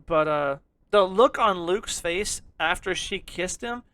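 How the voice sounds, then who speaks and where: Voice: medium pitch, animated, slow, fairly bright tone, clear, resonant tone, dry recording. Rambling, laughing podcast co-host. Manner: rambling, profane, laughs often. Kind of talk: casual chat.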